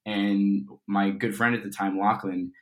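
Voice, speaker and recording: Young actor guest from Colorado, slightly low voice, rambling and lively anecdote teller. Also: male voice, a little slow. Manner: chatty, animated storyteller with fillers. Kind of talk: casual storytelling interview.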